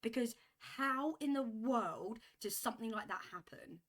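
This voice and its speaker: Animated woman vlogger. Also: fairly high pitch, measured pace. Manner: animated, emphatic, repeats herself when worked up. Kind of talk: casual storytelling to camera.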